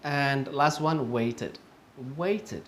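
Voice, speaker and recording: Male teacher, mid pitch, unhurried and patient, repeats each word, fills pauses with "um" and "uh". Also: a bit bright, a little hiss or hum. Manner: frequent fillers and self-corrections. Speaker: English teacher. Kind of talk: online pronunciation lesson.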